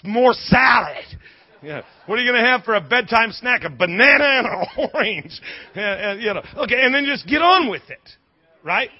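A male pastor preaching a sermon in an animated, humorous way, with quick asides and lots of repeated words. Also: extremely high pitch, breathy edge, no echo, lo-fi sound.

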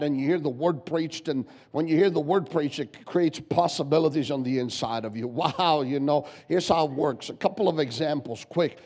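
A guest pastor preaching a sermon, emphatic and repetitive, firing rhetorical questions at the congregation. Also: male voice, on the high side, a little mellow. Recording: long church hall reverb.

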